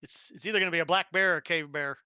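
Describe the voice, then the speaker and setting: A man's voice: fairly high pitch, fairly even intonation, rapid-fire, sharp tone, clear, resonant tone, no echo. A man running a tabletop game, chatting casually and muttering to himself while fiddling with settings. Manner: muttering to himself, jokey and distracted. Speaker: game master.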